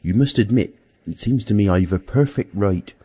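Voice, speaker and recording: A man's voice: lowish voice, moderate pace, warm tone, husky, voice pushed up. A man voicing a cowardly middle-aged tramp who pleads and complains in a self-pitying way in an audiobook. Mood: whining. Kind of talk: audiobook character voice.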